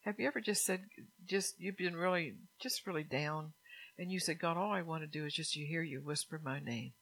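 Bright-voiced woman preaching earnestly. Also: sits low, brisk, rough recording. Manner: earnest, repetitive, laughs often. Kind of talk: sermon.

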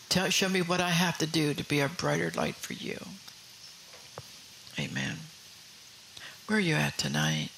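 Fervent male preacher, gravelly and bright. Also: fairly high pitch, expressive, normal speed, slight background noise, rough recording. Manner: fervent, rhetorical questions to the congregation. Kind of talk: sermon.

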